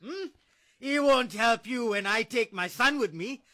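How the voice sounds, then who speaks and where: An actor playing a drunk, abusive ex-husband who is a bullying cop, slurring and taunting. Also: male voice, extremely high pitch, animated, measured pace, pushed and bright, exaggerated voice.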